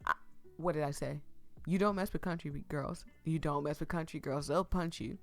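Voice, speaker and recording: A woman from California plays through a story game and chats back at its characters. Her voice sits a little low, and she laughs easily. Soft game music plays faintly behind her. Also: moderate pace. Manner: chatty, giggly, talks back to the characters. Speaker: let's play streamer. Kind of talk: casual commentary and reading a game aloud.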